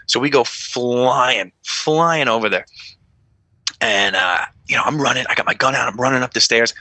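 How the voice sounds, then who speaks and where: A man's voice: medium pitch, moderate pace, dry recording. A man, a former police officer telling stories in a casual podcast chat, swearing freely and acting out the voices in his stories. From New York. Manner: profane, animated, acts out dialogue.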